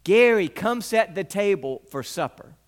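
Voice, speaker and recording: A woman's voice: fairly low pitch, sing-song, moderate pace. A male preacher voicing a firm mother calling her young son to set the table, repeating herself each time.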